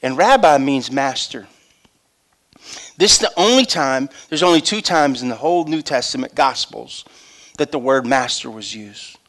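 An older man, a pastor, preaching a sermon with animated storytelling that swings between loud and hushed. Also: mid-range voice, moderate pace.

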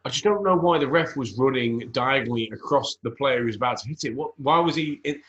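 Laid-back man, average pitch, who co-hosts a football podcast and gives his opinions. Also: fast talker, a bit bright, echoey room, dull audio. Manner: laid-back, laughs easily, explains opinions. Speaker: podcast co-host. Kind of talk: casual football banter podcast.

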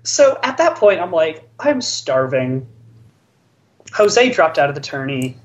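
A podcast co-host casually retells a card game match, rambling with lots of restarts and stammers. The voice is medium-pitched, very animated, and moderately paced, captured in dull lo-fi audio.

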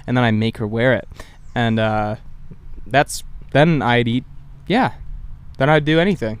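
A man's voice: mid-range voice, moderate pace, long pauses, clear, resonant tone. A young man chatting casually, rambling through crude stories and acting out what people said. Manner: rambling, crude storytelling with voiced quotes. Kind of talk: casual chat.

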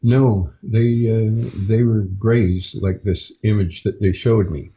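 A podcast guest, a man with a lowish, steady, warm voice, recounts a personal experience slowly and haltingly, pausing often. The recording sounds dull and lo-fi.

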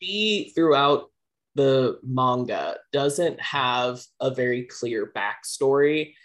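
Laid-back male podcast host, slow, easy delivery, casual swearing. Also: medium pitch, animated, a bit bright. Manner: laid-back, profane storytelling. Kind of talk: casual chat, retelling an anime.

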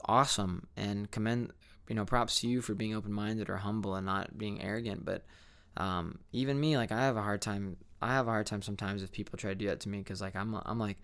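A man's voice: on the low side, steady tone, a little fast, smooth. A young man talking candidly to camera in a rambling, reflective vlog monologue, full of fillers and restarts. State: sleepy, yawning. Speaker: vlogger.

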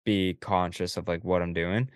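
A man's voice: low voice, flat delivery, normal speed, clean tone, dry recording, clean studio sound. A young man co-hosting a podcast, telling stories in casual chat, acting out quoted dialogue and swearing freely. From Canada. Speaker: podcast co-host.

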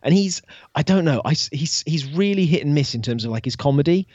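A man chatting casually, easygoing and quick to chuckle, in a podcast conversation. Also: fairly high pitch, animated, a little mellow, dry recording. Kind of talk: casual chat. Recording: dry, slightly dull sound.

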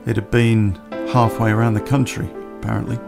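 Gravelly man telling a story. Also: fairly low pitch, little pitch movement, music in the background. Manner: plain-spoken, unhurried, with pauses. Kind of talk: personal story told to a podcast.

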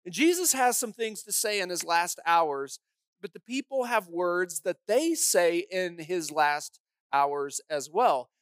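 A woman's voice: fairly low pitch, lively intonation, a little slow. A woman pastor delivers a sermon with dramatic, emphatic storytelling. She presses home her points with pointed rhetorical questions. The sound is close and dry, with no room echo.

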